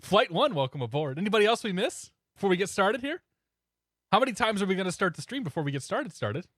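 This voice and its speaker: A man streaming a flight simulator, chatting casually and in a relaxed way with viewers, often chuckling. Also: high voice, quick pace, dry recording, studio quality. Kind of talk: casual live-stream chat.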